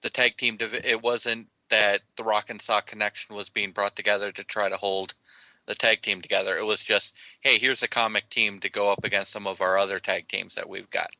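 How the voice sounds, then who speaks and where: A man co-hosting a podcast, arguing a point in a measured, casual way. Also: on the low side, little pitch movement, pushed and bright, no room sound, poor audio. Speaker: podcast co-host.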